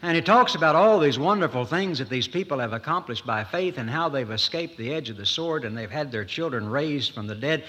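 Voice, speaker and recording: A man preaching a sermon in a folksy manner, with dramatic pauses and rising emphasis. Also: mid-range voice, animated, bright, forceful tone. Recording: echoey hall.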